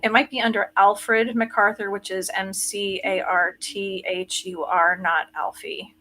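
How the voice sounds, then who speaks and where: A woman's voice: mid-range voice, fairly even intonation, measured pace, sharp tone. A woman guest in a casual interview, chatty and joking about herself. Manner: chatty, self-deprecating humor.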